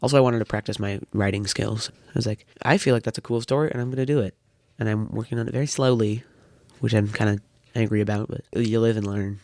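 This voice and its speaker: A man's voice: fairly low pitch, steady tone, quick pace, gravelly, darkish tone, no echo. A thirteen-year-old boy chatting casually as a podcast guest, rambling with a dry wit. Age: teens. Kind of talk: casual chat.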